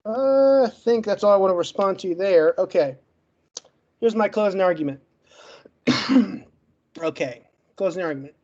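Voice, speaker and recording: A man with a stutter giving a brisk, emphatic closing argument as a guest in an online debate, listing facts one after another. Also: high-pitched, animated, darkish tone, highs cut off. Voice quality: stutters, gets stuck on words.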